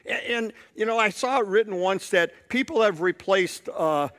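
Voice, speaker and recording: A man's voice: high voice, moderate pace, a bit bright. A male pastor preaching a sermon, telling a story and building points through repetition.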